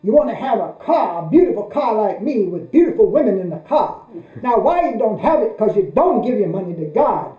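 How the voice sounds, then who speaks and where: A flashy preacher, as a male lecturer puts him on, booms out exhortations for money. The voice jumps well above the speaker's usual dark tone and gets much louder. It rings in an echoey room over a steady mains hum. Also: a little fast, highs cut off. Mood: boisterous. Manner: booming, exhorting. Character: showy flashy male preacher demanding donations.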